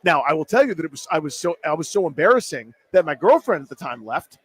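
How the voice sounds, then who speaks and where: A man hosting a live sports radio show from a sports bar, telling a story in an animated, self-mocking way. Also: fairly high pitch, fast, slightly rough.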